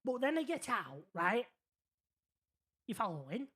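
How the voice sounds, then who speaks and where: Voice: mid-range voice, sing-song, unhurried, sharp tone, breathy edge, heavily acted. A streamer playing a naive, rambling young man, telling a long story in character and checking the listener is keeping up. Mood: earnest rambling. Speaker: roleplay character in a city game.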